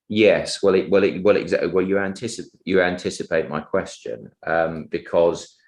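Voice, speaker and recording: A man cross-examining a witness at a public inquiry, polite and halting, with many restarts and fillers. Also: low voice, a little mellow, reverberant. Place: public inquiry hearing room.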